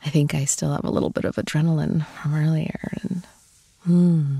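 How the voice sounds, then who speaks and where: A young woman voicing a tough but tender girlfriend in an intimate audio role-play, speaking softly and often half-whispering to the listener. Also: low-pitched, steady tone, moderate pace, gravelly, husky, dry recording, exaggerated voice. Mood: affectionate. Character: tough reformed bully girlfriend, fiercely protective, tender. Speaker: voice actor.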